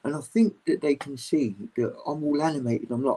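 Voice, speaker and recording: A man chatting casually as a guest on a livestream video call, rambling, open and animated. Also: mid-range voice, a little fast, few pauses, poor audio. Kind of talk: casual chat.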